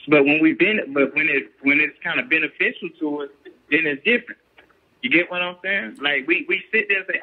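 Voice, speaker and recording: A man's voice: a little high, slightly rough. A man, a professional boxer and guest, talking casually and earnestly, often checking that he is understood. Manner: earnest, keeps asking "you get what I'm saying". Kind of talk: casual chat. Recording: tinny phone-line call.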